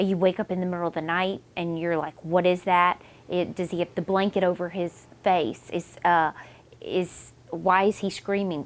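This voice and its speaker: Emotional young mother vlogging candidly. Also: on the low side. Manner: emotional, candid, rambling with many fillers. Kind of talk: candid personal vlog talk.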